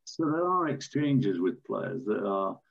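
An older man, a former referee, telling stories in a measured, storytelling way with some fillers. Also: fairly low pitch, big pitch swings, gravelly, dull audio. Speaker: former football referee, podcast guest. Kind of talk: anecdotal interview answers.

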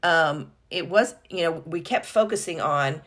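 A woman's voice: low voice, a little slow, a bit bright. A woman co-hosting a casual business podcast, talking conversationally with fillers and self-corrections. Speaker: podcast co-host.

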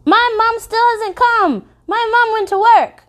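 A woman voicing a frightened little girl who clings and pleads in a high, slow, whiny voice. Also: fairly bright tone. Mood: pleading.

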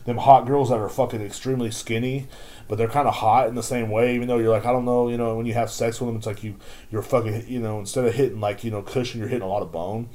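A man's voice: mid-range voice, little pitch movement, fast talker, dark tone. A man hosting a podcast, telling a rambling, profane story about his job as a store clerk. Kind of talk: casual rant.

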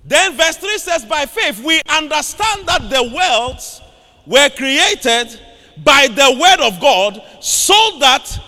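Man, pastor, sermon, slow delivery, bright voice, long reverb of a large hall. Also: extremely high pitch, very animated. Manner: preaching with call-and-response to the congregation; shouting emphatic lines.

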